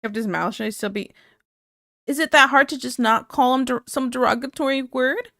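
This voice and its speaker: Woman streamer, slightly high pitch, candid and blunt, frequent laughter, dry room. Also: moderate pace, vocal fry, bright, forceful tone, no room sound. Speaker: live streamer. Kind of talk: casual chat reacting to viewer comments.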